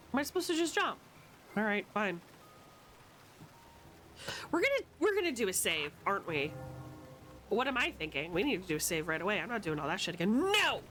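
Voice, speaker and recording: Loud swearing woman streamer. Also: mid-range voice, slight background noise. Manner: loud, playful, swears a lot, yells at the game. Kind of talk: casual gameplay commentary.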